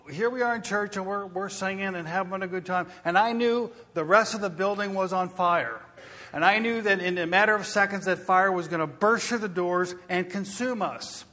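A man preaching a sermon in a church, swinging from loud, urgent calls down to hushed near-whispers for emphasis. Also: sits high, moderate pace, big-room sound. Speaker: pastor. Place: church sanctuary.

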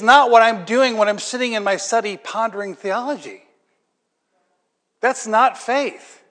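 High-voiced preacher in a reverberant hall. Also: male voice, a little slow, fairly bright tone. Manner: conversational preaching, rhetorical questions, builds to emphatic peaks. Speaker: pastor. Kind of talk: sermon.

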